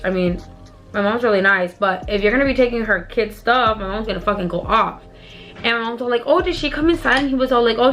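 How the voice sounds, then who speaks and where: A young woman with a slightly high voice tells a storytime tale straight to camera. She is casual and chatty, swears freely and acts out the voices of the people in her story. Soft music plays faintly behind her. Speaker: vlogger.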